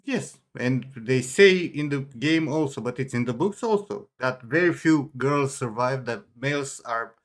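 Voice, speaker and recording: A man's voice: mid-range voice, lively intonation, unhurried, few pauses. A man with an ordinary voice argues with friends in a casual chat. He is blunt and insists firmly that he is right.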